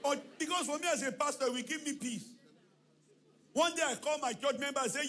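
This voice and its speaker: A very high-pitched male pastor preaches fairly quickly in a church hall. His sermon is lively storytelling: he performs the characters' dialogue, shouts, and breaks into chanted refrains.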